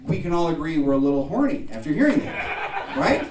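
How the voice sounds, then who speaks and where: Young male stand-up comic with a slightly high voice, self-mocking, heard from a distance in a very echoey club with the crowd reacting. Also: big pitch swings, brisk, a little hiss or hum. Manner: self-deprecating storytelling, jumping to loud acted voices. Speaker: stand-up comedian. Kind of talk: stand-up comedy set. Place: comedy club with live audience. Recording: echoey club from far off, audience audible.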